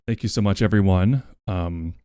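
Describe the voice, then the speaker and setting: A man with a fairly low voice, chatting loosely with his viewers on a live stream. He rambles, swears casually and gushes his thanks. The sound is dry and close, with no room around it. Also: moderate pace, mellow, clean tone, no room sound. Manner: rambling, profane and effusively thankful.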